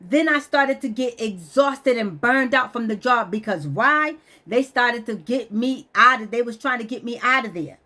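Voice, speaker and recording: Her voice is on the high side with a fairly bright tone as this vlogger vents emotionally about her life. She sounds stressed and weepy, speaking bluntly with profanity.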